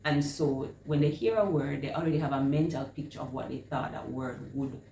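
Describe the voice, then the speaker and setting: Low-voiced woman teaching vowel sounds. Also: dark tone, a little hiss or hum. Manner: slow, overemphasized sounding out of vowel words. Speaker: reading teacher. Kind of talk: instructional talk on phonics. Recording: echoey room with faint ambience.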